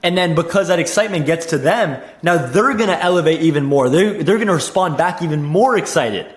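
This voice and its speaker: A young man coaching on sales in a casual teaching monologue, energetic, repeating himself and saying "like" and "dude" a lot. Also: on the high side, fairly quick, reverberant. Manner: energetic, repeats words, says "dude" and "like" often.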